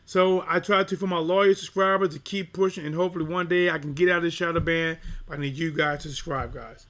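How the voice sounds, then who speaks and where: Excitable high-voiced male live streamer. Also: fast talker, few pauses. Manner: excitable, talks straight to his viewers, many fillers and restarts. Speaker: live stream fight commentator. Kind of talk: casual live stream commentary.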